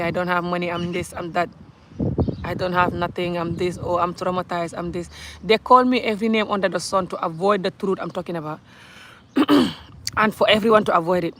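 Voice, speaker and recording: A Gambian woman with a fairly low-pitched voice and a Gambian accent rants to camera in a vlog, speaking bluntly and emphatically and often bursting into laughter. Background noise can be heard.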